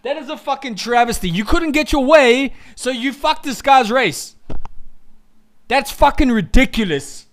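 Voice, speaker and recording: A man streaming a live race watchalong, reacting with heated, profane ranting that drops into low muttering. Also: expressive, unhurried, a bit bright.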